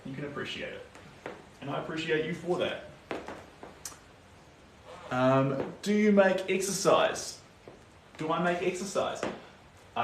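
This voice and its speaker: A young New Zealand man with a New Zealand accent painting on a live stream, chatting casually, answering viewer comments and muttering to himself as he works. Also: a little high. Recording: echoey room, distant mic, noisy.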